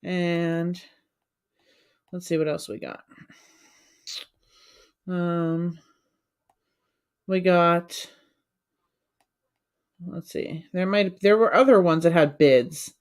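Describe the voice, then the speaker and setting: A woman's voice: fairly low pitch, steady tone, very slow, long pauses, clean tone. Playful woman co-hosting a live stream. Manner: playful, laughing, keeps urging viewers on. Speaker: co-host of a live resale stream. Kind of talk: casual live-stream chat.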